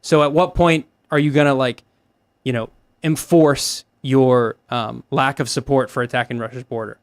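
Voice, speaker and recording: A man's voice: mid-range voice, fairly even intonation, moderate pace, smooth, dry recording. A man appearing as a guest reporter on a talk show, speaking in a hesitant way full of fillers. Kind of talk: casual political chat.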